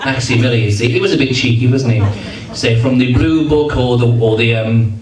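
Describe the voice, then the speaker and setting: A man's voice: mid-range voice, normal speed, darkish tone. A man doing comic stage patter, teasing and chatting with his audience in a hall. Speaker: entertainer. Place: function hall with a live audience. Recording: roomy hall recording from a distance with crowd.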